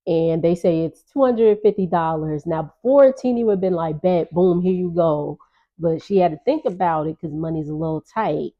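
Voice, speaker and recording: A woman's voice: on the low side, a little fast, few pauses, muffled recording. A woman vlogger recapping a reality show in a chatty, gossipy way, with laughing asides. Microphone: on-camera.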